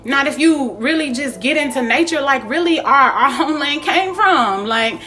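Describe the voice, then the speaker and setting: A young woman, talking to her viewers in a casual, profane spiritual vlog, animated and laughing often. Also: high voice, moderate pace, soft background music. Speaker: spiritual vlogger.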